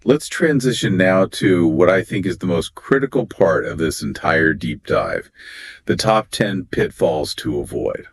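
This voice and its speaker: A man's voice: deep voice, very animated, a little slow, creaky, no echo. A man co-hosting a scripted English exam lesson, explaining phrases and pronunciation in an emphatic, explanatory way. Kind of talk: scripted two-host lesson dialogue.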